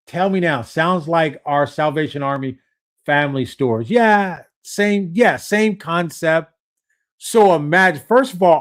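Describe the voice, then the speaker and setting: A man hosting a casual live stream, chatty and repetitive, often checking whether viewers are following. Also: on the high side. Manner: chatty, repeats himself and keeps checking in with the audience.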